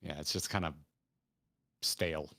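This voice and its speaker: Low-voiced man hosting a chatty podcast. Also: steady tone, measured pace, bright, forceful tone. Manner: chatty, with frequent restarts. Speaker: podcast host. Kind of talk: casual podcast chat.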